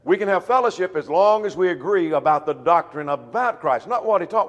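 A man's voice: high voice, expressive, a little fast, muffled recording. Man preaching in a reverberant church. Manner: expository Bible teaching, repeats key phrases for emphasis. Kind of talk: sermon.

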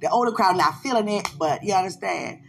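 A woman hosting a podcast, talking casually about faith and preaching in an animated way, laughing often and speaking straight to her listeners. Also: mid-range voice, fairly quick, vocal fry. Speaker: podcast host, preacher and gospel rapper.

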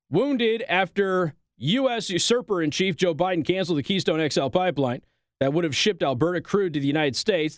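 A man's voice: fairly high pitch, dry recording, studio quality. A man doing sarcastic political commentary, reading news clippings aloud and breaking off to mock them with rhetorical questions. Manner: reads articles aloud then interjects.

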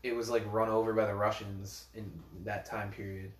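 A man's voice: lowish voice, level tone, moderate pace, distant mic. A man co-hosting a casual podcast, rambling through history with swearing and laughter. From Polish family background. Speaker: podcast co-host. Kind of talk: casual chat. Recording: roomy, from off the mic.

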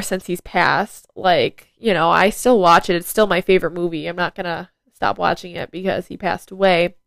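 Smooth-voiced teen girl podcaster. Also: mid-range voice, no room sound. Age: teens. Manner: chatty, rambling, frequent ums and likes. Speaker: podcast host. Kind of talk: casual solo podcast talk.

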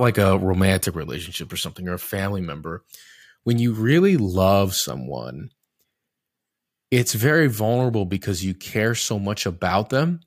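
Deep-voiced man, reflective and candid. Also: no echo, studio quality. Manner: reflective, candid, loose and searching with frequent restarts; swears casually. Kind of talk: casual podcast conversation.

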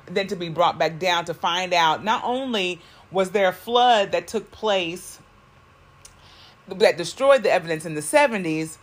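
Recorded in a car, this podcast co-host talks in a low register. She keeps the conversation casual, wandering off track, correcting herself, and leaning on lots of fillers.

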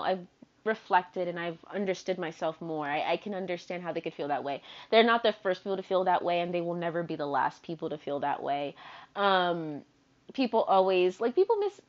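A young woman in her twenties hosting a podcast, telling stories in a chatty, animated way, full of "like" and asides. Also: lowish voice. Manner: chatty, animated, filler-heavy with frequent "like". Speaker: podcast host. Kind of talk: casual storytelling monologue. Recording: dull lo-fi sound.

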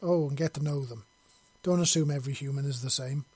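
A man voicing a warm, flirty grown woman, giving patient advice in a storybook reading. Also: mid-range voice, brisk, husky, dry recording, close to an everyday voice. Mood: encouraging.

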